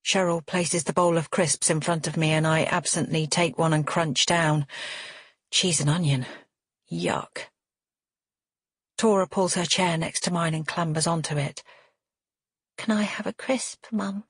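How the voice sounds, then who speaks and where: A woman reads an audiobook in the first person, keeping her delivery steady and measured. Her lowish, husky voice is captured up close in a dry recording.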